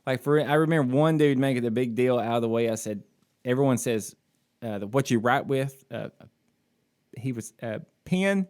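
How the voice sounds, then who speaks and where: A laid-back man from the American South co-hosts a podcast over a video call. His voice sits in an ordinary middle pitch, and he tells stories casually, calling his friend dude. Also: steady tone, fairly quick, pauses often, a little mellow, clear, resonant tone. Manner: storytelling, laid-back, says dude a lot. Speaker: podcast co-host. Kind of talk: casual chat.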